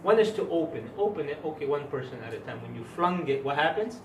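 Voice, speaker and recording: A man's voice: on the high side, expressive, quick pace, gravelly, far from the mic, noisy background. Emphatic man teaching in an echoey room. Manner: emphatic, quizzes students with rhetorical questions. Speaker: Islamic teacher. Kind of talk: classroom religious lesson. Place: classroom or hall with students. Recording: echoey room recorded from afar.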